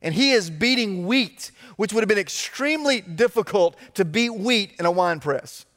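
A man with a high voice preaches a sermon, talking with the congregation in a conversational way. He slows down to draw out key phrases and leans on repetition for weight. His voice rings out with the long reverb of a large hall. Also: expressive, a bit bright. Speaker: pastor.

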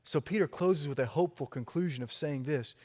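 A man's voice: fairly high pitch, a little fast, darkish tone, in a large hall. A man preaching a sermon as pastor, emphatic, with a repetitive cadence.

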